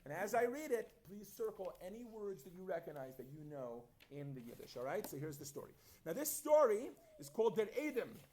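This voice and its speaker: A man teaching a Yiddish class in a classroom, lively and quizzing his students as he reads and explains phrases. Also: sits high, brisk, few pauses, slight background noise. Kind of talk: classroom lesson.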